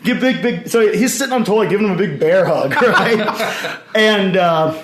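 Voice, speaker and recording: A man, a podcast guest, telling stories in a casual, animated way and acting out the voices he quotes. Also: sits high, moderate pace. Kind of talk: casual storytelling. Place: convention hall. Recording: echoey convention hall.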